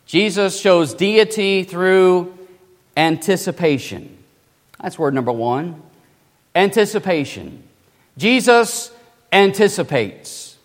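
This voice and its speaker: A man preaching a sermon, emphatic, dropping to a hush and then rising loud, slowing down on key words. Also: high-pitched, expressive. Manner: emphatic, swings between loud and hushed, slows for stress. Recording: long hall reverb.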